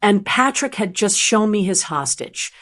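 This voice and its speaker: A woman's voice: mid-range voice, sing-song, measured pace, fairly bright tone. A woman narrating a first-person story in a tense, dramatic manner.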